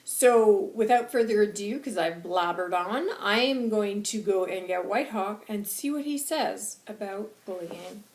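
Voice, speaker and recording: A woman's voice: medium pitch, a little slow, few pauses, a little mellow, reverberant, a little hiss or hum. A woman who works as an intuitive channeler, chatting casually in a rambling, chatty vlog. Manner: rambling, chatty, laughing asides.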